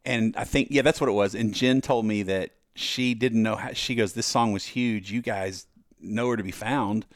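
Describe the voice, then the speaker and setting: Speaking at a moderate pace in a fairly low voice, a male musician guest spins stories on a podcast and vividly imitates the people he quotes. The recording is dry and studio quality.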